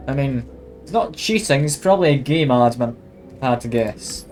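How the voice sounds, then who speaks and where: A man's voice: mid-range voice, lively intonation, normal speed, darkish tone, soft background music, low-quality recording. A man streaming a game playthrough, chatting and making self-deprecating asides as he reads. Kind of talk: live game playthrough commentary.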